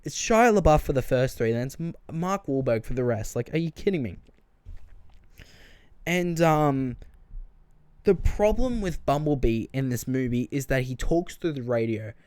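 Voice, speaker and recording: A man hosting a podcast, giving an animated, exasperated movie-review rant full of fillers and restarts. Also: medium pitch, moderate pace, clean tone, no echo. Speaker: podcast host.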